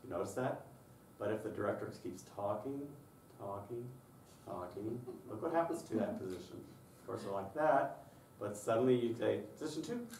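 A man leading a workshop on children's singing, lively and demonstrative, acting out the voices he describes. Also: on the low side, normal speed, slight background noise. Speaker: choral music clinician. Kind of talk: conference workshop presentation. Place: conference session room. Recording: echoey room from far off.

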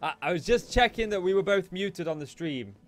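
A man's voice: sits high, expressive, a little fast. A man hosting a co-op gameplay video, teasing his wife in casual banter. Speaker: let's play host. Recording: game music in the background.

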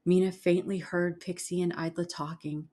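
Hushed, low-voiced woman telling a horror story. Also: flat delivery, normal speed. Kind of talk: horror story narration, partly whispered.

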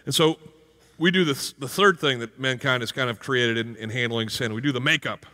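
A middle-aged man preaching a sermon with lively, comic acted-out stories, jumping into playful character voices. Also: medium pitch, a little fast. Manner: animated, jumps into playful character voices and exclamations. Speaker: pastor. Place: large church hall. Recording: live sermon with long hall reverb.

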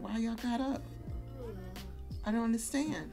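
A woman's voice: mid-range voice, lively intonation, takes it slowly, faint music behind. A woman giving casual, chatty let's-play commentary, laughing often and talking to her characters. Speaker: gaming YouTuber.

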